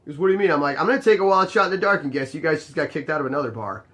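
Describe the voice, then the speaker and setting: With a voice on the high side, a young bar bouncer races through a casual story about his work. He acts out both parties in the conversation, sounding animated and fed up.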